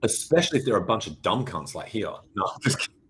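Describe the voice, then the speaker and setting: A man's voice: lowish voice, very animated, fast, a bit bright, poor audio. An Australian man hosting a livestream, talking through crypto charts in a rambling, jokey and profane way. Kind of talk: casual livestream chart commentary.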